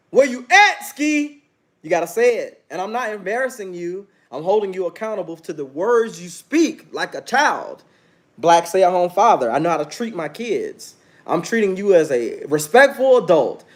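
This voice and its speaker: Man, 30s, livestream host; brash and preachy, slightly high, very animated pitch. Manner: brash, preachy, challenges chat viewers directly. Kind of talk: casual livestream monologue.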